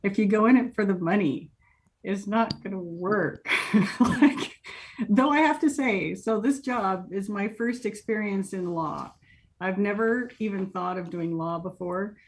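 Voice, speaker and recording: A woman's voice: mid-range voice, unhurried. A woman in her thirties with an American accent, answering interview questions in a chatty way and laughing often. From United States. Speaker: interview guest. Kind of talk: casual interview.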